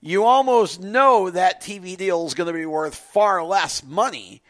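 Slow, emphatic high-voiced male co-host. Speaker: radio co-host. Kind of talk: opinionated sports radio talk. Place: radio studio.

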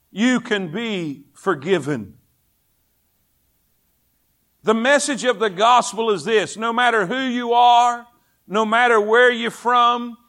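A man's voice: sits high, fairly bright tone. A male pastor preaching a sermon in a church, impassioned and repetitive, calling the congregation to respond. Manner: impassioned, repeats phrases, calls for congregation response. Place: church sanctuary.

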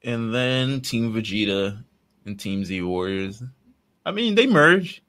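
A man co-hosting a casual fan podcast, laid-back and quick to laugh as he retells scenes. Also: mid-range voice, lively intonation, fairly bright tone. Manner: laid-back, laughs often, acts out characters' lines. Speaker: podcast co-host.

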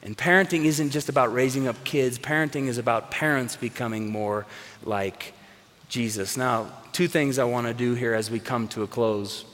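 A man's voice: mid-range voice, normal speed, a bit bright. A man preaching a sermon to a congregation, earnest and emphatic, repeating phrases for weight. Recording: long hall reverb.

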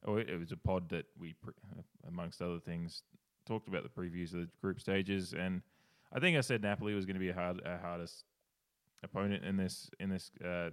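A man's voice: low voice, fairly even intonation, fairly quick, clean tone. An Australian man co-hosting a podcast in casual chat, laughing often and swearing freely. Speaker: podcast co-host.

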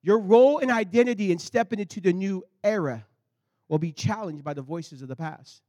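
Man preacher, high tenor, storytelling sermon, loud bursts and low intense passages. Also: brisk. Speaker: pastor.

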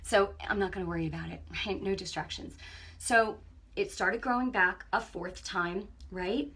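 A woman shares a spiritual testimony with her viewers on a broadcast. Her voice is bright and breathy. She tells her story in an animated way, dropping to a hush and then rising loud again. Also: mid-range voice, moderate pace. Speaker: online ministry broadcaster.

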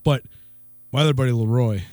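A man co-hosting talk radio, telling a story in a relaxed, lively way. His voice sits in the middle range. The studio sound is dry, with no echo. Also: medium pitch, brisk. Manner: laughing, lively anecdote telling with quoted voices. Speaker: radio co-host. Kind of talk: casual storytelling chat. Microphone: studio microphone.

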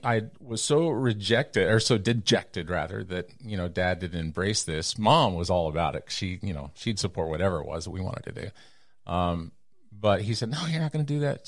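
Low-voiced man telling lively stories. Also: dry recording, studio quality. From Texas. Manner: animated, acts out quoted voices with big pitch jumps. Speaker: guest storyteller. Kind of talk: casual storytelling interview.

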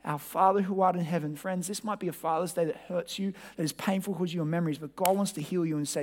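A man preaching a sermon as pastor, talking conversationally and directly to his congregation, sometimes pressing hard and sometimes dropping to a hush. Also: high voice, fairly even intonation, fast talker, hardly any pauses.

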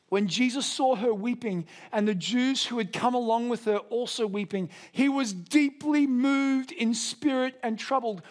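A man preaching a sermon in an earnest, conversational way, raising his voice to a shout for emphasis. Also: extremely high pitch, animated, normal speed. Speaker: pastor.

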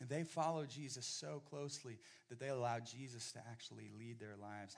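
A middle-aged male pastor preaching a sermon, often repeating and restarting his words as he builds up, at times nearly shouting. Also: medium pitch, normal speed, vocal fry. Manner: animated, repeats words, rising to near-shouting.

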